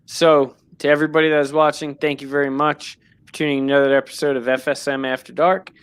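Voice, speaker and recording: A man's voice: on the high side, quick pace, clear, resonant tone, dry recording. A male host on a video call, dry and close with no room sound. He tells stories loosely and animatedly, laughing easily between lines. It is casual late-night sports chat. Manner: animated, laughs easily, swears in retold quotes. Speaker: show host.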